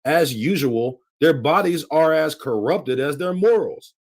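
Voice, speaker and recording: Man reading history aloud, lively pitch. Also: measured pace. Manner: reads quotations aloud with emphatic stresses. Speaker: channel host.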